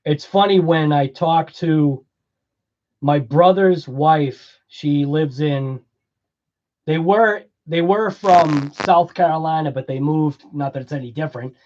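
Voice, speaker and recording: A man's voice: a little high, takes it slowly, warm tone, muffled recording. A man with a Boston accent hosting a casual livestream, chatting with viewers, laughing often and rambling through explanations. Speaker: livestream host.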